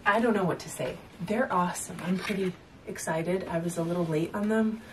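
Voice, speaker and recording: A woman's voice: fairly low pitch, a little fast, background noise. Chatty woman on a distant camera mic. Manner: chatty, rambling, laughs often. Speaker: fitness vlogger showing purchases. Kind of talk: casual haul vlog. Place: at home, indoors.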